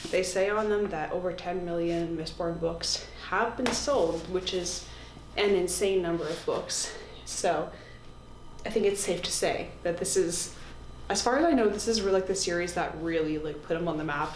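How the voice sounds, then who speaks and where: A woman's voice: medium pitch, roomy sound, a little hiss or hum, rough recording. A young woman book vlogger chatting casually at home, rambling with lots of "like" and "kinda". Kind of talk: casual reading vlog chat. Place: at home, indoors.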